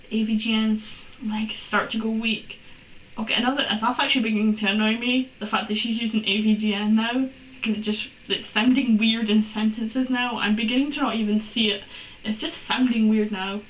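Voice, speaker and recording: A woman reading a story aloud for laughs, breaking off with exasperated, sarcastic asides and swearing. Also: a little high. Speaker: fanfiction reader. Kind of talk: comedic dramatic reading with commentary. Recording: roomy room, distant from mic, faint hiss.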